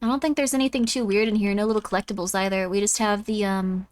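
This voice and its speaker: A woman's voice: mid-range voice, fairly even intonation, fast. A woman streamer chatting playfully with her audience while playing a horror game. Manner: chatty, playful, does silly voices. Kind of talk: casual live-stream gameplay chat.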